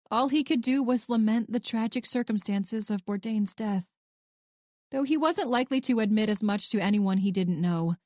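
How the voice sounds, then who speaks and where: Woman reading a romance audiobook, even and measured, dry close sound. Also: medium pitch, dry recording. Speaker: audiobook narrator. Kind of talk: scripted romance narration.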